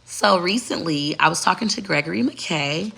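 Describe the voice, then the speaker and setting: A woman's voice: lowish voice, lively intonation, moderate pace, vocal fry, bright, forceful tone, a little hiss or hum. A middle-aged woman, a content creator talking straight to camera, blunt, profane and emphatic. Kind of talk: candid talking-to-camera rant.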